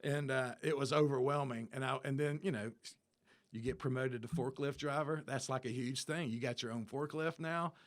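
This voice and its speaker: Telling his story as an interview guest, this man in his fifties speaks at a normal speed in a mid-range voice. He keeps things easy and casual, animatedly acting out the people in the tale and delivering their lines himself.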